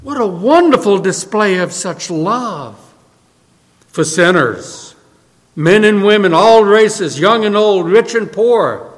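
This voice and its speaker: High-voiced preaching man in a reverberant hall. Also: animated, takes it slowly. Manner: preaching, swinging from soft low lines to loud high exclamations. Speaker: pastor. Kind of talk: sermon.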